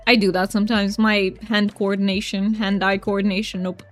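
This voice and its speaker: Her delivery is flat, her pitch medium, and she talks a little fast with few pauses. Streaming a cozy game over soft background music, she still chats and giggles casually with viewers and reads their messages aloud.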